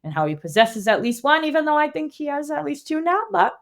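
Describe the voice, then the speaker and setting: A woman co-hosting a book club podcast, reading a plot summary and then chatting in an animated way, laughing and swearing. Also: high-pitched, fast talker. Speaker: podcast co-host. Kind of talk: read summary and casual book chat.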